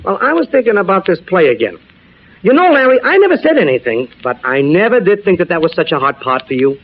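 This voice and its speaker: A jittery, fast-talking agent, always coaxing and placating a difficult client. His voice sits high and swoops all over the place, heard through a thin, tinny old film soundtrack with a faint hiss. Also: sing-song. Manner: pleading, nervous, fast-talking.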